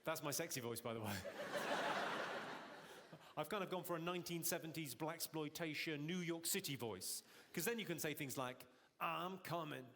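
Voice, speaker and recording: High-voiced deadpan stand-up comedian. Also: male voice, moderate pace. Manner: deadpan, teasing the audience. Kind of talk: stand-up comedy with crowd work. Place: large theatre in Glasgow. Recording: reverberant hall, loud noise, crowd.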